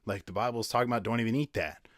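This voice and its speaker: Man, casual Bible teaching video, conversational, full of fillers and asides, dry voice, slightly low. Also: very fast, dry recording. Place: at home with his wife behind the camera.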